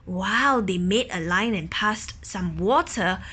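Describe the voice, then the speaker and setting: A woman reading a children's picture book aloud, pausing to ask questions, explain words and imitate quacking ducks. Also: mid-range voice, bright, forceful tone, husky. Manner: imitates quacking and gasps for effect. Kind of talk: children's story read-aloud.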